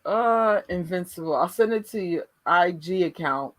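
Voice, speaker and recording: Animated woman co-host reacting live. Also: lowish voice, normal speed. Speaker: livestream co-host. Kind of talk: casual live watch-party chat.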